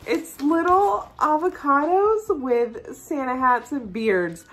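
A woman's voice: fairly high pitch, measured pace, few pauses. Gushing young woman unboxing gifts. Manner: gushing, excitable, frequent gasps and "oh my gosh". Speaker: manga vlogger. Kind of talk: gift unboxing vlog. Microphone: phone camera.

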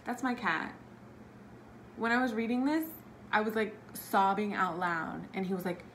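A tipsy young woman giving a casual book review on her channel, gushing and excitable, with plenty of "like" as filler. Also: mid-range voice, moderate pace, a little hiss or hum. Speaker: book vlogger.

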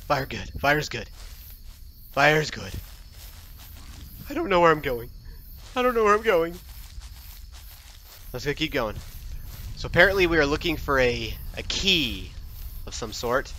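A man commentating his own play of a scary game, talking to himself and yelping and shouting when startled. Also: mid-range voice, lively intonation, unhurried, pauses often, slight background noise. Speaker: gaming video host. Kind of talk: live gameplay commentary.

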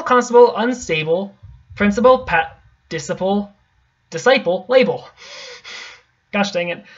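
A young man reading a tricky poem aloud in a casual, halting way, often stopping to correct himself and mutter asides. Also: high-pitched, a bit bright. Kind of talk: casual stumbling read-aloud. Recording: dull lo-fi home recording.

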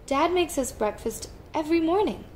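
Eager little girl voice, high and polite, lady putting it on, storybook kid. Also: lively intonation, moderate pace, a little mellow, slight background noise.

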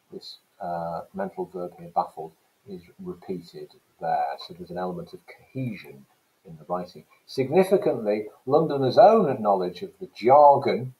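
A man with a fairly low voice teaches an English lesson to students. He reads short passages aloud and then explains them step by step. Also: a little mellow, rough recording. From England. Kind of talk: recorded lesson.

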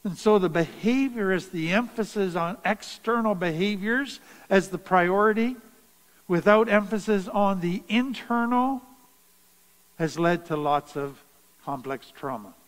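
A man giving a talk on parenting and trauma in a slow, deliberate, earnest way, stressing key phrases. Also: high-pitched, in a large hall, poor audio. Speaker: trauma educator. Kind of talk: teaching talk.

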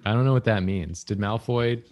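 A man's voice: on the low side, normal speed, darkish tone, dull audio. A man co-hosting a drawing livestream, joking around and reading the chat aloud. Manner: playful, jokes and reads chat aloud. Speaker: stream co-host.

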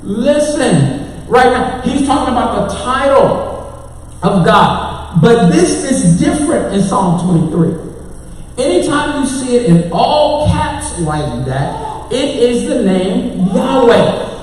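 A man's voice: extremely high pitch, big pitch swings, slow, darkish tone. A man with a Texan accent preaching a sermon as pastor, calling out to his congregation and tech crew. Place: church sanctuary. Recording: echoey church hall, mic far off.

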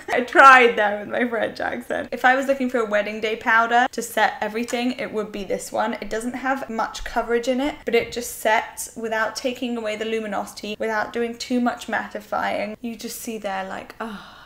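A woman's voice: a little high, fairly even intonation, moderate pace, few pauses, pushed and bright. A young woman giving a casual makeup tutorial, chatty and enthusiastic with rambling asides. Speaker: beauty vlogger.

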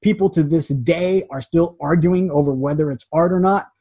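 Chatty design teacher, male, slightly high voice with a husky edge. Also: normal speed, no echo. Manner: chatty and animated, acts out quotes. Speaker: graphic design instructor. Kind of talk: casual recorded lesson.

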